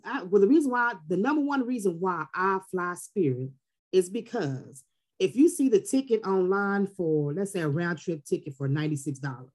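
A woman's voice: lowish voice, moderate pace. A woman, telling stories as a podcast guest and acting out the people she quotes. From Texas Gulf Coast. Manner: animated storyteller who acts out quotes. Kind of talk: casual podcast interview.

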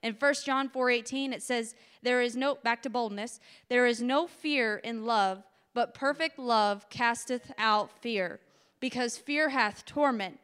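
A woman's voice: fairly high pitch, a little slow, fairly bright tone, smooth. A woman preaching a testimony sermon with passion, her voice cracking with emotion as it builds.

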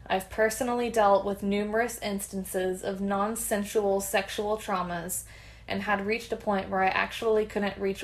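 Female podcast host, mid pitch, reads listener stories aloud in a frank, chatty way. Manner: candid, conversational reading with bursts of laughter. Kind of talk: reading a submitted story aloud.

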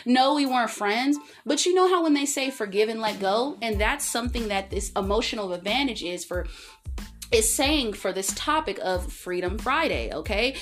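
A woman hosting her own podcast, talking candidly and expressively, with big swings in pitch and loudness for emphasis. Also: expressive, normal speed, faint music behind. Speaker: podcast host. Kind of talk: candid solo podcast monologue.

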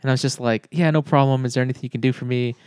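Young male co-host, animated storyteller, mid-pitched, dry sound. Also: very fast, clear, resonant tone, no echo. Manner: animated storyteller, acts out voices, swears. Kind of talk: casual chat.

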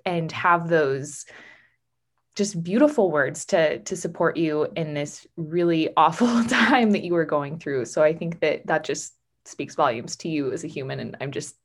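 Brief: woman host, lowish voice, admiring and measured. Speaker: podcast host. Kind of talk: interview questions.

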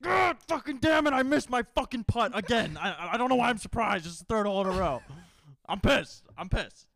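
A man imitating a furious young male golfer who shouts and swears. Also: very high-pitched, animated, a little slow, creaky, voice pushed up, heavily acted.

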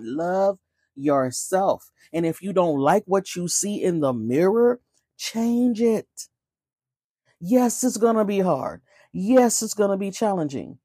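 A woman's voice: mid-range voice, animated, a little slow, warm tone, husky, dry recording, clean studio sound. A woman hosting a casual spiritual talk, emphatic and preachy, often firing off rhetorical questions.

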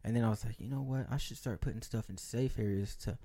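A man's voice: on the low side, dark tone. A man co-hosting a podcast, chatting casually and teasing his friend. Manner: joking, teasing, quick interjections. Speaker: podcast co-host. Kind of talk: casual chat.

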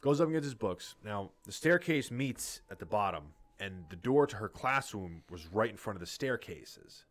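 A man's voice: fairly low pitch, animated, normal speed, few pauses. A man casually telling a rambling, profane story in a podcast chat.

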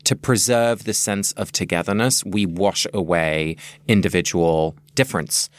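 Low-voiced male podcast co-host. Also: unhurried, no room sound. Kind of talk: casual podcast chat.

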